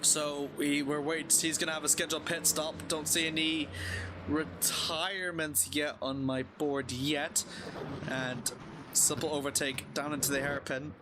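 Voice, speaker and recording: A man co-commentating a live sim race, calling overtakes with excited outbursts. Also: fairly high pitch, background noise. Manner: quick play-by-play with excited outbursts.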